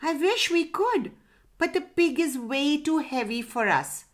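A woman voicing an eager little male parrot in a children's story, with high, eager exclamations. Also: sing-song, takes it slowly, a bit bright, heavily acted. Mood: regretful.

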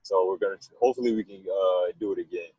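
Husky-voiced young man, chatty and rambling. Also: sits low, fast, no room sound, lo-fi sound. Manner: rambling, animated storytelling with laughs. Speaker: musician guest. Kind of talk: casual interview chat.

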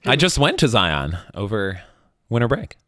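A man with a lowish voice that swings widely in pitch co-hosts a casual sports podcast. He chimes in with short, dry remarks, recorded close and dry. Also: big pitch swings, moderate pace, fairly bright tone, no room sound. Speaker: podcast co-host.

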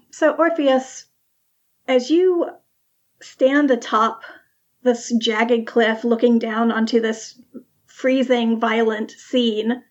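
A woman's voice: fairly high pitch, fairly even intonation, very slow, long pauses, highs cut off. A woman narrating a tabletop game as game master, describing scenes vividly.

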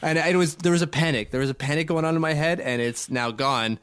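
A man's voice: a little high, quick pace, fairly bright tone, clean tone, dry recording. A man co-hosting a podcast in casual chat, rambling and joking at his own expense. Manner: self-deprecating, joking, rambling. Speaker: podcast co-host.

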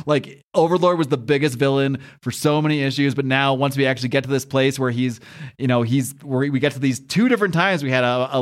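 A man hosting a comic book podcast in casual, enthusiastic chat, rambling through the story and laughing often. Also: mid-range voice.

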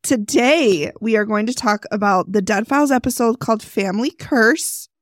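A woman's voice: on the high side, moderate pace, dry recording, clean studio sound. A woman co-hosting a podcast, chatting casually with friends and joking about herself. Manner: joking, self-mocking, laughs often. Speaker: podcast co-host. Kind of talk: casual chat.

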